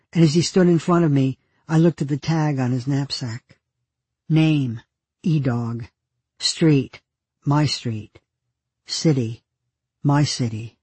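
Husky man reading dry diary entries. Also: mid-range voice, slow, pauses often, no echo. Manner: dry, deadpan humor. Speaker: narrator.

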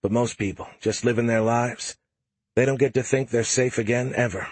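A man's voice: mid-range voice, steady tone, normal speed, a little mellow, slightly rough, no echo, natural voice. A man reading the part of a tough, frank young woman soldier in an audiobook, with little change from his own voice. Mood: blunt. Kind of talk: audiobook character voice.

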